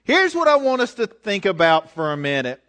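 High-voiced man preaching a conversational sermon. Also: wildly swooping pitch, normal speed, a bit bright. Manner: conversational, emphatic exhortation.

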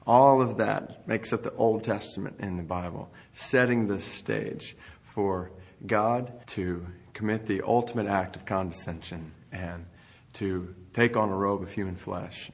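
A man delivers a sermon in a low, husky voice. He speaks earnestly and builds intensity as he goes. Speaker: preacher.

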